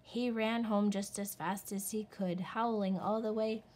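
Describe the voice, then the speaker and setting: A woman reading a picture book aloud in a slow, expressive storytelling voice. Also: mid-range voice. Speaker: storybook reader.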